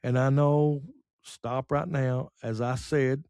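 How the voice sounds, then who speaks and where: A middle-aged man telling rambling, folksy stories on a podcast, full of pauses and fillers. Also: medium pitch, steady tone, a little mellow, clear, resonant tone, dry recording, studio quality. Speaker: podcast host. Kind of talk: casual storytelling.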